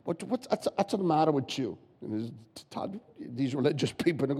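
A guest pastor preaching a sermon, emphatic and repetitive, firing rhetorical questions at the congregation. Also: male voice, on the high side, expressive, normal speed, darkish tone, breathy edge. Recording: long church hall reverb.

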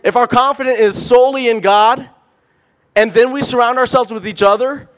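A young man preaches a sermon in a very high-pitched voice at a moderate pace. He's animated and emphatic, firing off rhetorical questions and repeating words.

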